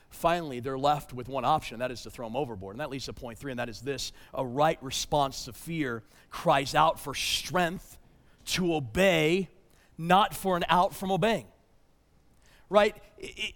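A man preaching a sermon as pastor, emphatic, swinging between loud urgency and hushed tones, sometimes repeating words as he restarts. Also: on the high side, long reverb tail.

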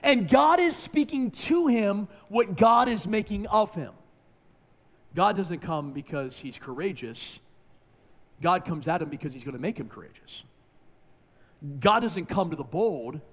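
A man preaching a sermon, emphatic, swinging from hushed lines to near-shouting. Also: fairly high pitch, animated, measured pace, long pauses. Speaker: pastor.

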